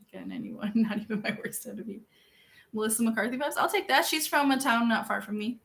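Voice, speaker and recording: A young woman chatting casually with her viewers, self-deprecating and laughing often, jumping from loud outbursts to quiet mumbles. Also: on the high side, normal speed, gravelly, long pauses. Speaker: streamer reading viewer chat. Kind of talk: casual chat.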